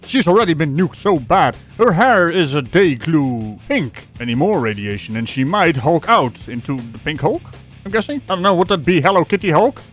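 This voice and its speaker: Man, sarcastic commentary host, ranting and jokey, fairly high voice, very lively intonation. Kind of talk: mocking comedic commentary.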